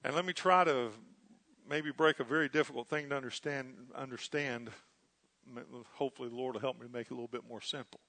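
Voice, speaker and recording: A man preaching a sermon, earnestly teaching and often checking that his listeners follow, swinging between loud emphasis and quiet asides. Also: medium pitch, steady tone, fairly quick.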